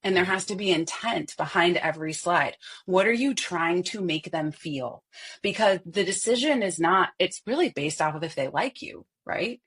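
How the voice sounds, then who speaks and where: A woman's voice: fairly low pitch, normal speed, breathy edge. A woman voice coach on a podcast, speaking expressively and showing how to shift her voice. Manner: expressive, demonstrates vocal styles. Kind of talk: podcast interview.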